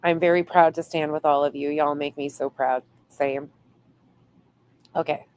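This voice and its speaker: Low-pitched lady, casual livestream host, reading chat and cussing for fun. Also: steady tone, a little slow, a little mellow, slight background noise. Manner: reads viewer comments aloud, swears playfully.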